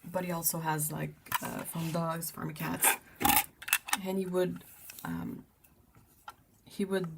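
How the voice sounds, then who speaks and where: A woman's voice: lowish voice, vocal fry, noisy background. A woman hosting a casual livestream, chatting in a rambling way with lots of fillers. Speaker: livestream host.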